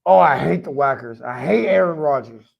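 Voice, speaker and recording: A man's voice: on the high side, expressive, moderate pace, creaky, muffled recording. A man hosting a fan sports podcast, fired up, profane and rambling with lots of "I mean". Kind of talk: casual fan commentary.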